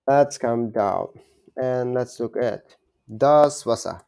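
Slow, gravelly man teaching German. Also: mid-range voice, darkish tone. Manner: halting, repeats words, self-correcting. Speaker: language learner teaching German basics. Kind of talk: informal self-taught lesson.

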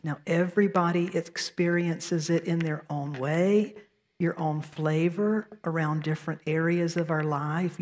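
A woman's voice: lowish voice, big-room sound. A woman minister with a Southern American accent, delivering a sermon with storytelling and self-deprecating asides. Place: church sanctuary.

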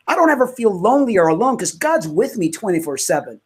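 A woman's voice: mid-range voice, very animated, fast talker, a little mellow, breathy edge. A woman hosts a casual conversation about faith. She speaks with fervent emotion and fills her sentences with little fillers. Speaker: host.

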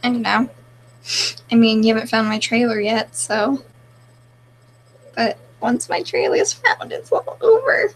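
A woman with a slightly high, gravelly, crackly voice chats casually on a live stream. She reads viewer comments aloud and answers them offhandedly, trailing through fillers. A faint hiss sits under her voice. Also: fairly even intonation, measured pace, pauses often.

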